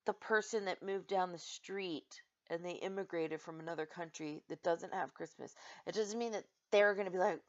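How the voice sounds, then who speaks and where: A woman vlogger telling a story and ranting in an exasperated, animated way, full of "like"s. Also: mid-range voice. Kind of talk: casual ranting monologue. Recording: slightly dull lo-fi sound.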